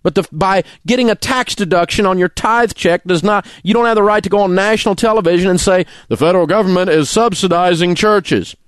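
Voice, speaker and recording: A man's voice: sits high, fairly quick, few pauses, dry recording, studio quality. A middle-aged man, hosting a talk radio show and delivering an angry, indignant rant full of name-calling. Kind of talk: ranting talk radio monologue.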